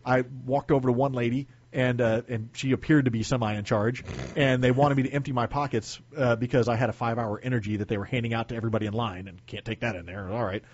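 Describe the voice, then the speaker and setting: A man co-hosting a radio talk show, a plainclothes police officer telling quick, chatty anecdotes with stammered restarts. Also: medium pitch, fairly even intonation. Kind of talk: casual radio chat and storytelling. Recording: dull lo-fi radio studio sound.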